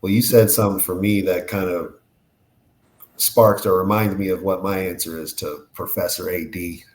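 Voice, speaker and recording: A man's voice: sits low, fairly even intonation, normal speed, a little mellow. A man talking reflectively in a casual podcast chat about loyalty and overcoming himself. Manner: reflective, thoughtful.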